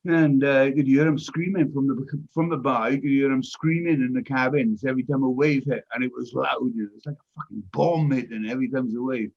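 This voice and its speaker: An older man hosting a casual chat, telling a loud, profane anecdote with lots of energy. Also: mid-range voice, brisk, vocal fry, few pauses. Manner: profane, animated anecdote-teller. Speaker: host. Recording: dull, lo-fi audio.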